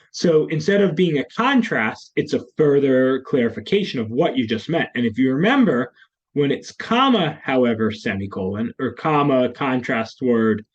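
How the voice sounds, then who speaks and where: In a screen-recorded lesson walkthrough, a male test prep teacher explains grammar questions and repeats key terms as he goes. His voice is medium-pitched, and the audio sounds dull.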